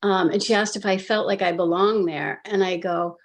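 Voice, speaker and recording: A woman's voice: medium pitch, normal speed. A woman recounting her own hypnosis session in casual, filler-heavy storytelling on a video call, acting out what she said. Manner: animated, filler-heavy retelling with acted quotes of herself. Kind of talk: casual storytelling on a live panel.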